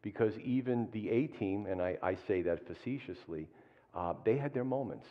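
A man preaching a sermon as a pastor, in a conversational way, often tagging his points with questions and animated asides. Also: on the low side, normal speed. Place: church hall. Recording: dull sound with long hall reverb.

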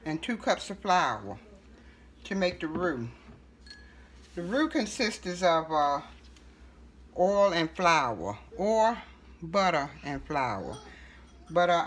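A middle-aged woman with a fairly low voice walks through a recipe in her home kitchen. She talks in a relaxed, chatty way, with fillers and quick self-corrections. A faint hiss sits behind her voice. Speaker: home cooking host. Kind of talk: casual cooking tutorial.

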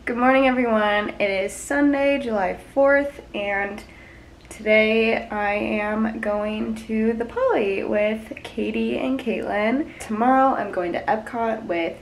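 A young woman vlogging in a casual, gushing, excitable way at an outdoor theme park. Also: fairly high pitch, slow, gravelly, a little hiss or hum, rough recording. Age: young adult. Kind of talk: casual vlog.

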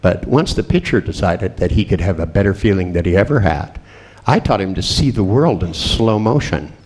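A man's voice: sits low, expressive, normal speed, a little mellow, breathy edge. A man giving a seminar talk as a hypnotist, telling anecdotes with wry, boastful humor and frequent chuckles. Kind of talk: anecdotal storytelling lecture.

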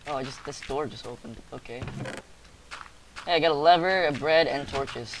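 A man hosting a casual let's-play with a friend, joking excitedly and reading quest text aloud. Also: on the high side, moderate pace, slight background noise. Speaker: gaming channel host.

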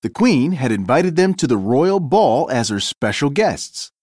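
A man narrating a children's storybook read-aloud with expressive, clear storytelling. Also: mid-range voice, unhurried, dry recording, studio quality.

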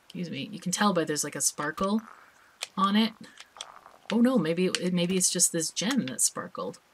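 A woman's voice: lowish voice, animated, moderate pace, slight background noise. A woman hosting a let's play, chatting casually and thinking aloud as she plays, with small laughs. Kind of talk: casual gameplay commentary.

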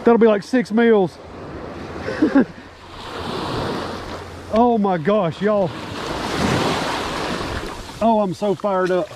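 High-voiced guy fishing in the surf, slow drawl, waves loud behind him. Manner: excitable, exclaiming often. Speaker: fishing vlogger. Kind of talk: excited outdoor vlog commentary. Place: outdoors on an ocean beach, surf behind. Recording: outdoor recording with loud surf noise.

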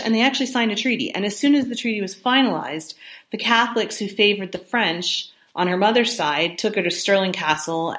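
A woman with a somewhat low voice narrates history for her podcast. She keeps it conversational and sympathetic, pausing on ums and correcting herself as she goes. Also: a bit bright. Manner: chatty, sympathetic storytelling with ums and self-corrections.

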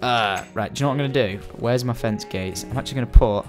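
A young Scottish man giving casual, excitable commentary while playing a building game, chatting to viewers and the animals. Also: medium pitch, fast talker, over music. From Scotland. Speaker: gaming commentator.

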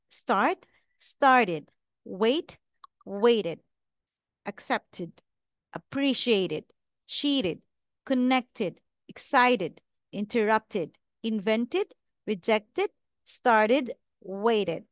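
A woman teacher drills English pronunciation, speaking each word very slowly and with careful enunciation. Her voice sits a little high. The recording is dry and close, with no room sound. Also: expressive, dry recording. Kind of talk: slow, deliberate pronunciation drill.

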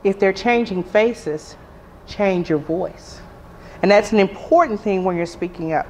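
A woman's voice: mid-range voice, unhurried, a little mellow, a little hiss or hum. A woman who works as a pediatric nurse, giving a rousing conference talk with emphatic, repeated calls to action. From Arkansas, US. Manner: emphatic, rallying, preacher-like repetition. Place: conference room.

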